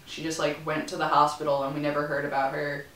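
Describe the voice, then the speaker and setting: A young woman talks through a TV episode in a casual, rambling vlog full of playful asides. Her voice is bright and forceful and sits a little low. The room around her rings with echo. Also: little pitch movement, quick pace, a little hiss or hum. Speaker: vlogger. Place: room in a student building.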